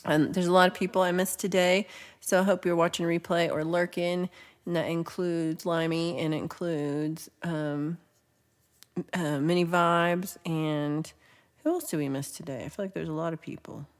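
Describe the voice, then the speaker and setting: A woman's voice: on the low side, steady tone, moderate pace. A woman hosting a casual livestream, chatting, teasing and laughing as she reads viewer comments. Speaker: livestream host.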